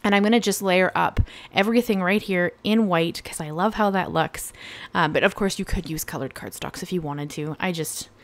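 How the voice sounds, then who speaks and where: A woman's voice: fairly low pitch, normal speed. A woman narrating a card-making tutorial in a casual, rambling voice-over, correcting herself often. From Canada. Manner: chatty, rambling, with fillers and self-corrections.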